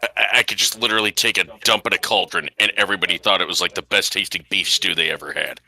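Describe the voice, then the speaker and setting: A man's voice: sits low, steady tone, quick pace, vocal fry, sharp tone, rough recording. A man playing a tabletop game, chatting casually in a joking, wry way. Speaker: player.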